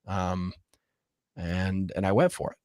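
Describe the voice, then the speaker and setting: A man's voice: sits low, steady tone, slow, darkish tone, no room sound, clean studio sound. A man, a real estate investor and coach, telling his story earnestly and candidly in a podcast interview, openly emotional.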